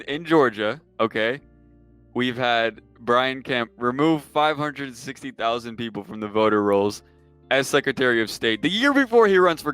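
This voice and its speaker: A young man talks casually on a livestream, mocking and exasperated as he reacts. His pitch sits in the middle for a man, and his tone is loose and conversational, with faint music in the background. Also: fairly bright tone. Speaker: streamer and political commentator. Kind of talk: casual sarcastic commentary on a livestream.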